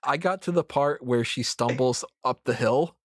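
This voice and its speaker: A man's voice: medium pitch, normal speed, no room sound. Man, thirties, podcast host, rambling casual chat, self-mocking, dry close sound. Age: 30s.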